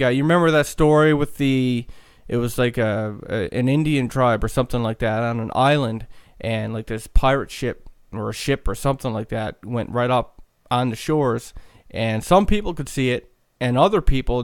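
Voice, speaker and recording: Podcast host, male, loose rambling chat, smooth clear tone, dry sound. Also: mid-range voice, no room sound. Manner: rambling, many fillers and restarts.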